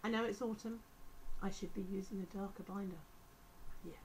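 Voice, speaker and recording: A woman's voice: mid-range voice, steady tone, a little fast, a little mellow, a little hiss or hum, poor audio. A woman, a teacher, talking through a casual vlog complaint in a chatty, sarcastic, exasperated way. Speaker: vlogger.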